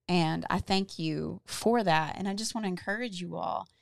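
A woman co-hosting a casual faith-based podcast, telling stories in an earnest, encouraging, animated way. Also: on the low side, normal speed, creaky, no room sound, studio quality. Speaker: podcast co-host.

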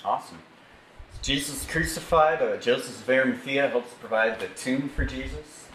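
A man's voice: mid-range voice, moderate pace, fairly bright tone. A man leading a Bible study with slides, teaching conversationally and asking the group for amens. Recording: echoey room, faint background noise.

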